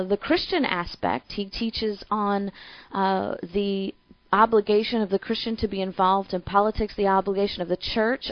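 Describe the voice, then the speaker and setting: A woman with a Midwestern American accent hosting a political talk show, speaking in an energetic, emphatic and chatty way. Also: mid-range voice, dry recording, muffled recording.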